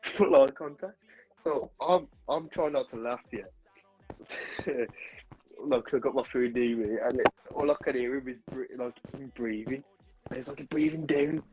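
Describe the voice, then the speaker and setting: A young man, a streamer, chats with friends while gaming, rambling through an anecdote full of restarts and laughter. His mid-range voice has a darkish tone and moves at a moderate pace, and the recording sounds muffled.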